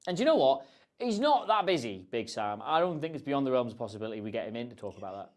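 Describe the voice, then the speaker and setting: A man's voice: medium pitch, big pitch swings, fast talker. A man hosting a casual livestream, answering viewer questions in a chatty, rambling, self-deprecating way. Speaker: host.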